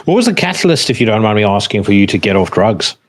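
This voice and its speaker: A man's voice: lowish voice, big pitch swings, fast talker. A man hosting a podcast, asking a guest curious, carefully worded questions. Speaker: podcast host. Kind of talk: interview questions.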